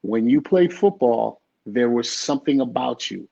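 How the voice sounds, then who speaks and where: A man voicing his sick, loving older mother, asking soft, coaxing questions. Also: medium pitch, expressive, moderate pace, creaky. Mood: tender. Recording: dull lo-fi recording.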